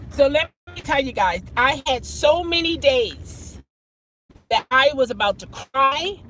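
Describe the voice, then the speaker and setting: Chatty high-voiced woman hosting a live stream. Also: a little slow, slight background noise. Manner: chatty, greets viewers by name mid-story; expressive, jumps high when emphasizing. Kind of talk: casual live-stream chat.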